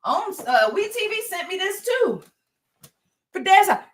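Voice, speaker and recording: Woman doing her livestream, playful chatty, high bright voice. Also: brisk, a little hiss or hum. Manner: animated, playful, chatty with viewers. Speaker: livestream host. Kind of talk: casual livestream chat.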